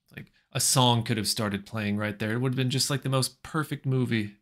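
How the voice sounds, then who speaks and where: A man's voice: mid-range voice, fairly even intonation, brisk, fairly bright tone. An American man telling a comic story in a rambling way, stumbling and repeating words, with dry sarcasm. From United States.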